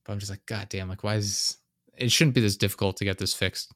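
A man's voice: on the low side, fairly even intonation, a little fast, a bit bright, no room sound, clean studio sound. A man in casual chat, telling stories in a profane, ranting way.

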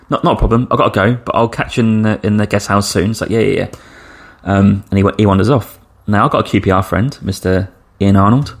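A man's voice: lowish voice, creaky, slightly rough. A man hosting a travel podcast, telling a story in a chatty way and acting out the people he quotes. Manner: chatty, acts out quoted dialogue with shifting voices. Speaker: podcast host. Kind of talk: casual storytelling.

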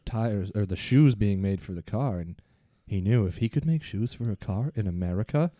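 Brief: male podcast narrator, lively and animated, close dry mic. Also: on the low side, normal speed, no echo. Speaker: podcast host narrating the story. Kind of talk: improvised comedy narration.

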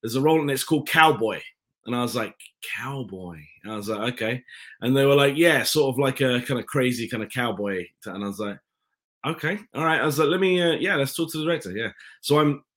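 A man's voice: mid-range voice, animated, fast, fairly bright tone. A man with an English accent, an actor telling rambling, self-interrupting anecdotes in a casual interview chat over a video call. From England.

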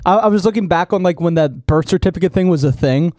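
A man's voice: sits high, fast talker, a little mellow, no room sound, studio quality. A young man co-hosting a podcast in casual chat, rambling with many likes and restarts. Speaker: podcast co-host.

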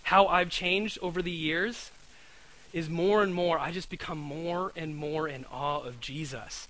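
A man's voice: a little high, measured pace, sharp tone, poor audio. A man preaching a conversational sermon, earnest, often repeating words and asking his listeners "right?".

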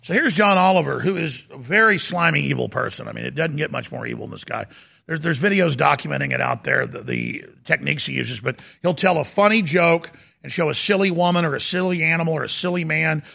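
A middle-aged man hosting a talk show, ranting and mocking, sometimes rising to a shout. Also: a little high, brisk, vocal fry. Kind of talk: heated political talk show monologue.

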